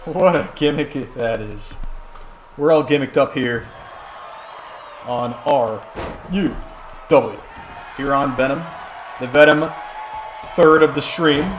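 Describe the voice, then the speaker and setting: A man's voice: mid-range voice, takes it slowly, long pauses, a faint crowd, a little hiss or hum. A man commentating a wrestling video game on a live stream, rambling and joking through the play-by-play. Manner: rambling, jokey, excitable play-by-play.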